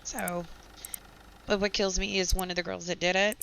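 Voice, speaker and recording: A woman, hoarse with her voice nearly gone, chatting and venting sarcastically while playing a game. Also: fairly low pitch, level tone, normal speed, fairly bright tone. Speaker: gaming channel host. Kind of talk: casual gameplay chat with storytelling. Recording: slightly dull home recording with faint background noise.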